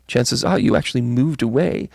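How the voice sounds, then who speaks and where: A man's voice: mid-range voice, normal speed, creaky, a little mellow, dry recording. A man putting on a British accent to play a theatrical male psychic medium who calls the listener "my dear" and teases her. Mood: grand, teasing. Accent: British (put on). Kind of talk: mock tarot reading on a live stream.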